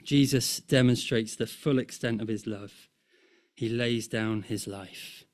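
A man preaching a sermon, rhythmic and impassioned, rising in force and falling to a hush. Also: medium pitch. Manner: slow, rhythmic, swelling and dropping to near-hush.

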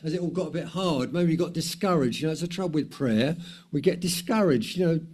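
A man's voice: a little high, quick pace, a little mellow. A man preaching a sermon in a conversational way, with many fillers and repetitions.

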